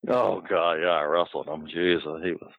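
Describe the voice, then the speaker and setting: A man's voice: low-pitched, steady tone, normal speed, no echo, phone-quality sound. An older man and former wrestler telling casual, rambling stories from the road, full of fillers and restarts. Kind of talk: casual storytelling.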